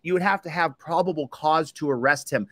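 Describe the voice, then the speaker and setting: A man's voice: fairly high pitch, brisk, fairly bright tone, no room sound. Fired-up man ranting on a livestream. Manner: fired up, repetitive, confrontational. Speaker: livestream host and police auditor. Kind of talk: angry livestream rant.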